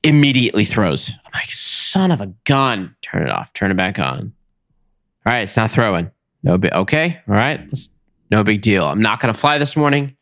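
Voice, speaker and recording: A man's voice: lowish voice, big pitch swings, normal speed, fairly bright tone, no echo, studio quality. A young man hosting a podcast, telling a long story in a casual, exasperated way and acting out both sides of each conversation. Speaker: podcast host.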